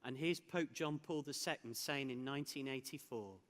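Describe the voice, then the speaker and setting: A man's voice: mid-range voice, moderate pace. A man giving a conference keynote, telling a personal story with laughs and restarts. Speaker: keynote speaker. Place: large hall. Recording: hall with long reverb.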